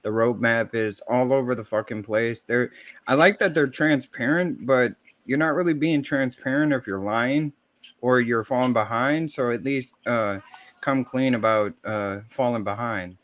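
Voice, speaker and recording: A male panelist on a casual gaming podcast, with an ordinary middle-pitched voice. He speaks in a relaxed, hedging way, full of ums and casual swearing. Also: a little slow, dry recording.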